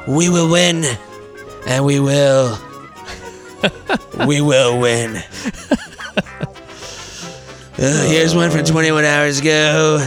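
A man doing an impression of a blustering older male politician, reading out posts slowly and with repetitive emphasis. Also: on the high side, a bit bright. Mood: boastful. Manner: slow, emphatic, repetitive boasting.

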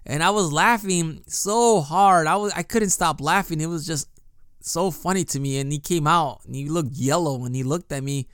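Chatty man with a smooth, dry voice. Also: a little high, moderate pace, a bit bright, no echo. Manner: chatty storytelling with frequent restarts and "you know". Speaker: podcast host. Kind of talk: casual solo podcast monologue. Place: lives in Japan.

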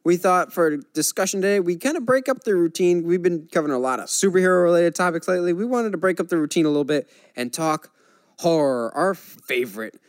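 Animated man hosting a casual chat. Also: high voice, no room sound. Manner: animated, joking, quick asides. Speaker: podcast co-host.

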